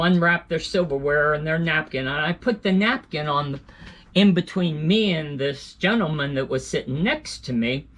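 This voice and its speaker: A man recounting his trip in a loose, rambling way, circling back with fillers and corrections as he goes. His voice sits a little high for a man. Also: fairly bright tone. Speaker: vlogger. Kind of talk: casual storytelling to camera.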